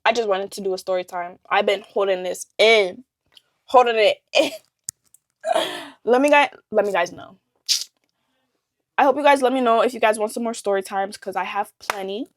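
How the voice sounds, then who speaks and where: A woman's voice: medium pitch, moderate pace, no echo. Young woman vlogger, casual storytime, blunt and profane, keeps laughing, mid-range voice, dry close sound.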